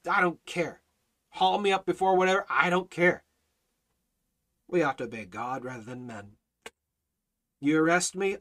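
A man teaching a Bible study in a fiery preaching style, hammering his points with repeated phrases and rising to near shouts. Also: a little high.

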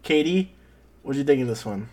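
A man's voice: medium pitch, animated, normal speed, darkish tone. A man hosting a casual chat show, summing up an episode and passing the question to each guest. He talks in a loose, joking way and teases the others. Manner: joking, teasing. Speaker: podcast host.

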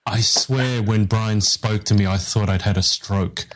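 Rambling low-voiced male host. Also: steady tone, unhurried. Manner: rambling, self-deprecating storyteller with restarts. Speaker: podcast host, interviewer. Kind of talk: casual live interview.

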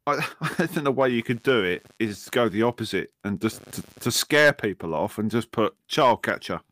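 Lively man with dry, cheeky quips. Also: fairly low pitch, normal speed, no room sound. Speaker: podcast co-host. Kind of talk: casual banter.

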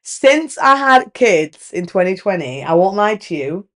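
Speaking at a moderate pace in a voice on the low side, a woman in her thirties hosts a candid relationship podcast. Her monologue is animated and emphatic, full of lively rises and casual swearing.

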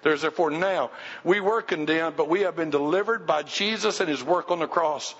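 A pastor with a high, fairly bright voice preaches in a church sanctuary at a fairly quick clip. He's emphatic and direct, putting questions to the congregation as he goes. A long hall reverb rings around him on a dull, lo-fi recording.

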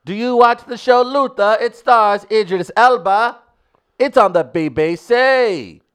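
A man's voice: high-pitched, measured pace, fairly bright tone, smooth, voice pushed up. A man putting on an exaggerated, clumsy British accent as a joke. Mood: showy. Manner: overdone, exaggerated impression.

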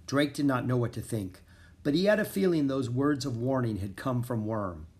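Expressive man reading a storybook. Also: mid-range voice, normal speed. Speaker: audiobook narrator. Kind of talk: storybook narration.

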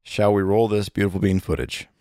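A middle-aged man co-hosting a casual chat podcast, animated and chatty with many fillers. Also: on the low side, fairly quick, dry recording, clean studio sound. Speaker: podcast co-host.

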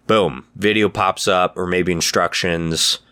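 A man's voice: sits low, steady tone, slow pace, sharp tone, smooth. A man co-hosting a podcast in casual chat, laid-back and profane, laughing often. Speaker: podcast co-host.

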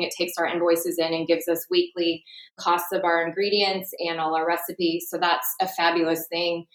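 A woman's voice: lowish voice, reverberant, poor audio. A woman who runs restaurants explains in practical terms how her business uses data. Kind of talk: interview explanation.

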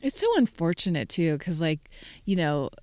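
A woman's voice: low voice, sing-song, normal speed, darkish tone, no room sound. A woman in a casual podcast chat, responding reflectively and with empathy to a story. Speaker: podcast guest.

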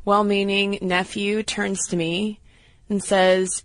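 A woman co-hosting a podcast, telling stories in a lively, casual way with fillers. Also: mid-range voice, a little slow, no room sound. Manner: animated storytelling with fillers. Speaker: podcast co-host. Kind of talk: casual chat.

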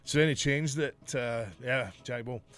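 A man's voice: medium pitch, steady tone, normal speed, a bit bright. A middle-aged man, a podcast host and former wrestler, telling stories in casual chat, swearing freely and laughing often. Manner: profane, laughs often, storytelling.

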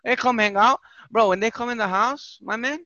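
Animated storytelling guy, lo-fi dry sound. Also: very high-pitched, moderate pace, dry recording. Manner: animated, swearing, repeats himself. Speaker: podcast host. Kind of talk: casual storytelling chat.

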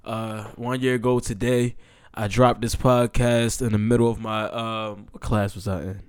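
Young guy hosting a football podcast, hyped and rambly, lots of ums, smooth voice. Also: on the low side, moderate pace, no echo, clean studio sound. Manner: excitable, loose and chatty, many fillers and restarts. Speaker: podcast host. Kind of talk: casual football podcast talk.

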